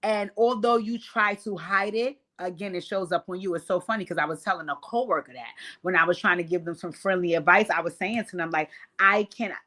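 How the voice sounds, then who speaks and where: Sassy, profane woman recapping reality TV. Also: brisk. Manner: sassy, blunt and profane, with big swings in pitch and loudness. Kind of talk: casual commentary vlog.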